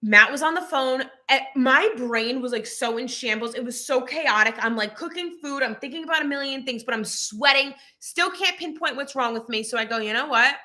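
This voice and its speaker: A young woman hosting her own channel, chatting casually and telling a personal story with lively, animated delivery while reading out viewer comments. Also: high-pitched, normal speed, few pauses. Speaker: channel host. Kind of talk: casual chat.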